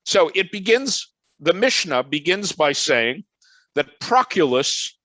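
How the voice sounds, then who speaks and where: A man's voice: fairly high pitch, sing-song, slow, a bit bright, no echo, rough recording. Older Chicago man lecturing conversationally. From Chicago, USA. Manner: conversational, anecdotal and digressive. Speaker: professor giving a lecture. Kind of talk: online lecture. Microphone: video call.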